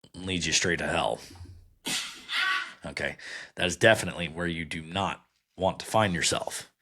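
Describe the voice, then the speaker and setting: Blunt, sarcastic man with a lowish voice. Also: normal speed, sharp tone. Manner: sarcastic, blunt, with frequent fillers. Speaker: podcast host. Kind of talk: critical commentary reading card meanings aloud.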